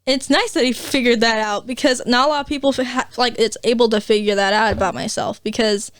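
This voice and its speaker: A woman's voice: on the high side, fairly even intonation, dry recording. A young woman telling stories in casual chat, stammering now and then and acting out what people said. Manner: quick storytelling, stammers, giggly, acts out quotes.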